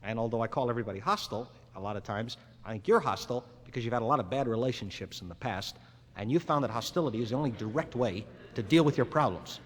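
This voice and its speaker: A man's voice: mid-range voice, expressive, fast talker. A man doing a live stand-up monologue in a rambling, conversational way, acting out both sides of the dialogue himself. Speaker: stand-up comedian. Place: live venue with audience. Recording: 1961 live album, long hall reverb, faint ambience.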